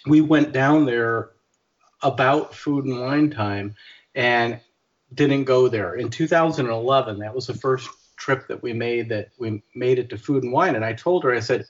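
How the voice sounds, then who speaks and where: A man's voice: medium pitch, measured pace, muffled recording. A man co-hosting a podcast in casual chat, rambling with many restarts. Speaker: podcast co-host.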